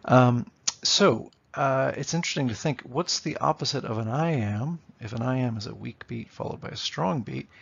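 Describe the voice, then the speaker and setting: A man's voice: medium pitch, moderate pace, gravelly, a bit bright, husky, muffled recording. A man teaching literature in a lecture, explaining and tapping out rhythms aloud, often checking in with "okay?". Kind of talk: classroom lecture.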